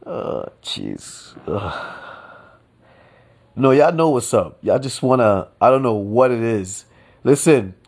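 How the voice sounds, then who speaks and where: A man hosting his own solo podcast, talking in a loose, slangy, unhurried drawl. He sounds fed up with his listeners and breaks into mocking outbursts now and then. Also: darkish tone. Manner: slangy, exasperated, slow and drawn out with sudden high-pitched mock outbursts. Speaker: podcast host. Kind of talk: casual solo podcast commentary.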